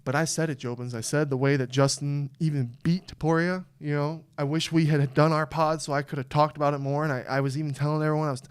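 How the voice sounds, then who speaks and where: Young male podcast co-host, smooth resonant voice, casual and rambling, prone to loud fired-up outbursts. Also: fast, hardly any pauses. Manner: excitable, swings from low mumble to loud outbursts. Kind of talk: casual chat.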